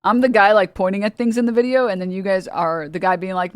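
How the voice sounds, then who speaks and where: A woman's voice: medium pitch, steady tone, fast talker, no echo. A woman streamer rambling through casual reaction commentary, cursing freely and breaking into laughs. The recording is dry and close, with no room sound. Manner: rambling, profane, laughing often.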